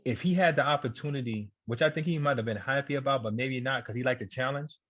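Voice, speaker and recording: A man co-hosting a podcast, talking basketball casually and backing the others up with quick agreements. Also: fairly bright tone, no room sound. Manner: agreeable, backs others up with short affirmations. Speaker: podcast co-host. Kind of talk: casual sports debate. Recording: dull low-fi home podcast audio.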